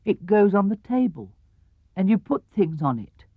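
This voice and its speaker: A man voicing a slow, gentle, simple teddy bear who speaks mildly, on a dull, dry storybook record. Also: high voice, very animated, slightly rough, dry recording, voice pushed up, full character voice. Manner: slow, mild, unhurried.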